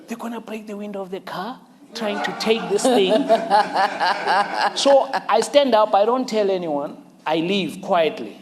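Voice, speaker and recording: Male interview host, lively raconteur, faint room noise. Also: a little high. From South Africa. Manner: animated storyteller, laughs often, acts out quotes. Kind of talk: conversational interview.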